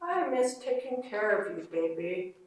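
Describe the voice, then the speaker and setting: A bossy, doting mother speaks through a household smart speaker in a high, scolding lilt, as a woman reading aloud puts her on. Her words come slowly, with a big echoing room around her and the mic some way off. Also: very animated. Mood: tender. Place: conference room. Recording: roomy hall from far off.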